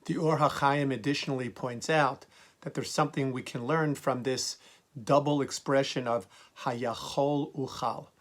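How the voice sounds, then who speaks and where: A rabbi gives a Torah lesson in a steady voice of middle pitch. He reads the verses slowly and then explains them plainly. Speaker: rabbi teaching Torah commentary.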